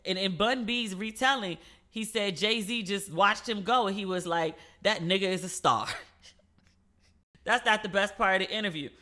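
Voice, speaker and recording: A woman hosting a casual solo podcast, telling stories with playful, animated asides. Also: mid-range voice, unhurried. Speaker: podcast host.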